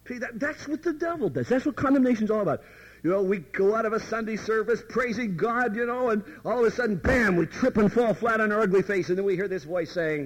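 A man's voice: high voice, sing-song, quick pace, rough recording. A man preaching a sermon with dramatic emphasis, addressing the listener directly and sometimes dropping to near whispers.

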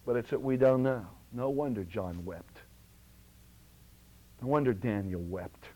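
A man preaching a sermon as pastor, impassioned, swinging from loud exhortation to hushed, low tones. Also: a little slow, poor audio.

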